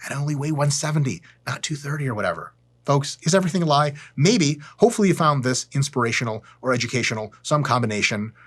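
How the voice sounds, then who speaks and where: Husky, sarcastic male fitness educator. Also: mid-range voice, fast. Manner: sarcastic and blunt, swears freely; deadpan asides. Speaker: fitness educator hosting his channel. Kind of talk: profane, joking educational rant to camera.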